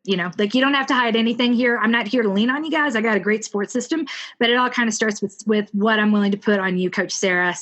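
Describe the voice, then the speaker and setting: Candid, direct woman with a higher voice. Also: quick pace, a bit bright. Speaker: podcast co-host and fitness coach. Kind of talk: heartfelt podcast conversation.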